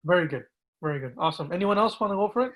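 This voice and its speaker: A man, an imam, patiently teaching pronunciation and repeating words slowly to gently correct students. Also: high voice, animated, low-quality recording.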